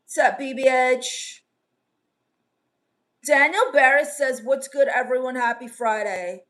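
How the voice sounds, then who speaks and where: A woman playing a sullen, scornful goth teen vampire on a comedy live stream, reading chat with deadpan, sarcastic put-downs. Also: sits high, slow pace.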